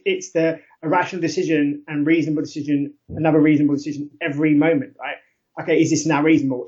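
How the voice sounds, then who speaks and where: A man speaking as an academic podcast guest, explaining ideas conversationally, often laughing and correcting himself mid-sentence. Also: on the high side. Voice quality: animated, laughs often, frequent self-corrections. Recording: muffled lo-fi audio.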